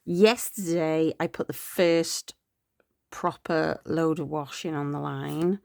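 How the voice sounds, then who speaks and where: A middle-aged woman talks in a low, unhurried voice with a gravelly edge. She rambles, corrects herself and lets soft laughs slip in, sounding tired. The sound is close and dry. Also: fairly even intonation, no echo. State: tired, yawning. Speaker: planner vlogger. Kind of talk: chatty planner update.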